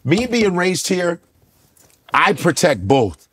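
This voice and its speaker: Middle-aged comedian guy, high voice that swings all over, cussing and riffing on a podcast. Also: very animated, slow, slightly rough. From United States. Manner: profane, loud, jumps into impressions. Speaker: comedian guest. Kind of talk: animated comedic storytelling. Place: podcast studio.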